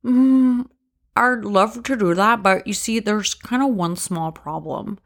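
A woman's voice: mid-range voice, slow pace. A woman doing a bashful retainer wearer. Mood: hesitant. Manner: hesitant, apologetic.

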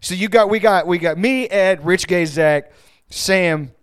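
Rich: A male podcast host telling a story in a casual, animated, rambling way that is full of swearing. His voice is fairly high for a man, and the sound is dry and close. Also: a little slow, smooth, no room sound.

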